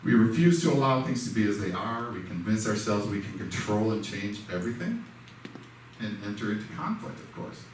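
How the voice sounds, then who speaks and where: A man's voice: lowish voice, animated, a little fast. A man giving a casual, conversational lesson at a church, telling personal stories. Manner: conversational, self-deprecating, acts out quoted dialogue. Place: church sanctuary. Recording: echoey hall, mic far off, faint noise.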